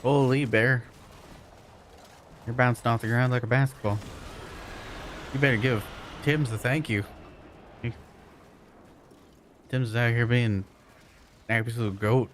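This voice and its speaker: A man's voice: mid-range voice, fairly even intonation, measured pace, pauses often, slight background noise. A man streaming a game, chatting casually with viewers in a laid-back, joking way and chuckling often. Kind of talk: casual chat while playing and reading chat.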